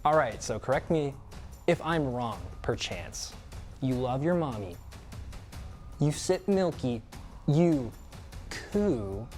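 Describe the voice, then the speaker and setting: A young man hosting a campus comedy sketch show, needling his guest with mock baby talk and playful jabs. His pitch sits mid-range, with faint music underneath. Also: animated, slow, long pauses, a little mellow. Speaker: show host.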